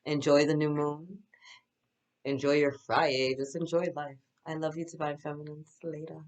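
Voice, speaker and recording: A woman's voice: sits low, little pitch movement, normal speed, low-quality recording. Upbeat woman giving a spiritual pep talk. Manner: enthusiastic, affirming, chatty with frequent "right?". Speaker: spiritual card reader.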